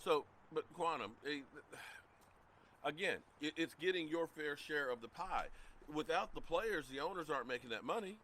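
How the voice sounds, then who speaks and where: A middle-aged man hosting a casual live sports talk stream, greeting chat viewers by name in an animated way. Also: on the high side, moderate pace, a little hiss or hum. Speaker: livestream sports show host.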